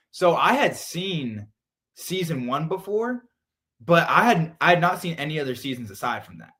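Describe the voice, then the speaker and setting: A young man from San Diego, a guest in a casual interview, telling stories with lively acted-out quotes. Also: brisk. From San Diego, California. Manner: animated, acts out quotes with big jumps in pitch and volume. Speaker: interview guest, reality show contestant.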